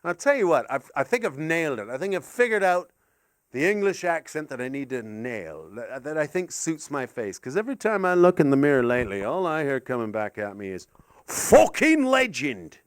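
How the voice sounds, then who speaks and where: A middle-aged man performing a rambling stand-up set, excitable and sweary, with sudden yelps. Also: medium pitch, brisk, no room sound, clean studio sound. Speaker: stand-up comedian.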